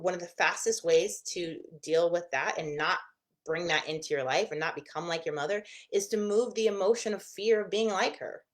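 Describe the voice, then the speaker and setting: A woman therapist teaching in a casual, expressive way, acting out the inner voices of the mind in quick asides. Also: on the low side.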